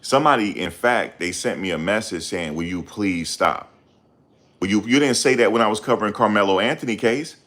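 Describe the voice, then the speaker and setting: A middle-aged man hosting his channel, talking in a loud, confrontational, profane rant. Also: lowish voice, a little fast. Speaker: channel host. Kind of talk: ranting livestream commentary.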